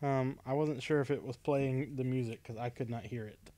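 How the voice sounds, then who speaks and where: A man's voice: medium pitch, fairly even intonation, normal speed, warm tone, no room sound. A man hosting a casual livestream chat, talkative and laughing often, with plenty of ums. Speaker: podcast host. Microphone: webcam stream setup.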